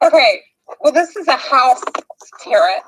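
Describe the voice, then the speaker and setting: Young woman, high voice, slow hesitant delivery, giggly nerves, reading tarot cards casually. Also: animated, background noise. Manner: hesitant, giggly, nervous rambling. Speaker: tarot reading game player. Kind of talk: casual chat.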